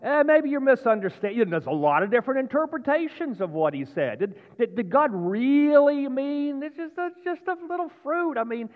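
A man voicing a sly male devil who coaxes and mocks in a raised, squeaky voice. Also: sing-song, moderate pace. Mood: coaxing. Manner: wheedling, coaxing, dismissive. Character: sly tempting male devil, wheedling and mocking. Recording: dull sound with long hall reverb.

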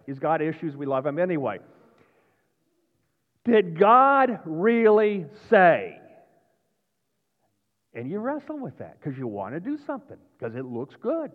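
A male pastor preaching a sermon in a folksy, animated way, sometimes raising his voice. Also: on the high side, fast, hardly any pauses. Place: church sanctuary. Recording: dull sound with long church reverb.

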